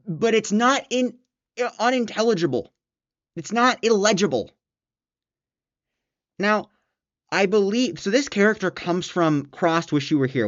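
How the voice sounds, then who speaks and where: A man's voice: on the high side, no room sound, muffled recording. A man giving a casual spoken book review, blunt and exasperated, swearing often and restarting his sentences.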